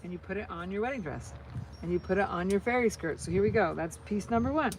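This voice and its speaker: A woman's voice: medium pitch, quick pace, background noise. A middle-aged American woman chatting casually to viewers while crafting, rambling, with many restarts. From United States. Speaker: vlogger.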